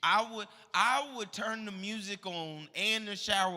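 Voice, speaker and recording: A man finishing a crude stand-up set on a comedy club stage, animated with loud punchlines. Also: high voice, measured pace.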